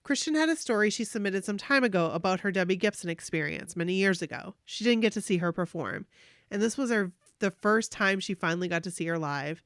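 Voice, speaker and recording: A woman podcast host reading a listener's fan story aloud, animated and gushing, with emotional asides. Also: mid-range voice, brisk, dry recording, studio quality.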